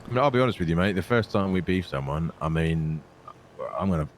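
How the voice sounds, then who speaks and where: A man with a very deep voice, speaking in character in a game role-play. His delivery is dry and scheming, peppered with "mate," over a faint background hiss. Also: animated, brisk. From Britain.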